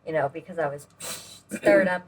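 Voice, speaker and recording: A woman's voice: low voice, moderate pace. A woman co-hosting a painting channel, explaining her paint mixing steps in an easygoing, casual way. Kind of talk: casual chat while demonstrating paint pouring. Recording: distant mic with faint background noise.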